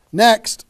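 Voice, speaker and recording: In this motivational sales training talk, a male network marketing trainer hammers his points home emphatically. Key phrases come back again and again, along with frequent "okay?" check-ins.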